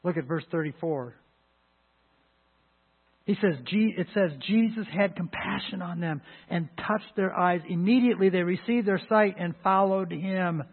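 Male pastor, higher voice, preaching with emphatic bursts; thin phone-like recording. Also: measured pace, husky. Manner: emphatic preaching with many restarts and sudden loud rises. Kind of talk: sermon. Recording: phone-like lo-fi line.

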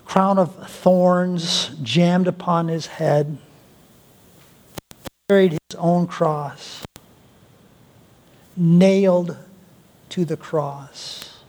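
A male pastor preaching a sermon, with deliberate pauses and an emphatic delivery. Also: high-pitched, steady tone, a little mellow. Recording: long hall reverb.

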